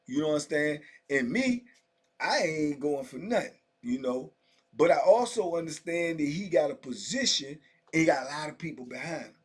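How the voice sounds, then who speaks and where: Middle-aged man, a bit high for his sex, spinning casual prison stories in loose, slangy talk full of "you know" asides. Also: lively intonation, normal speed, breathy edge. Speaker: storyteller recounting prison life. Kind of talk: casual first-person storytelling.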